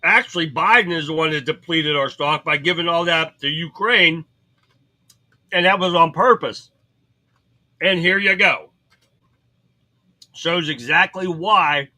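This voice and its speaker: A man hosting a livestream from home reads headlines out and then goes off on them bluntly, swearing freely and chatting with viewers in between. His voice sits a little high and sounds very bright and forceful. The talk is loose and casual, with the bluntness of someone arguing his case to a live audience. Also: measured pace, pauses often, rough recording. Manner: blunt, profane, ranting. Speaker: political livestream host. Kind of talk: casual commentary reading headlines.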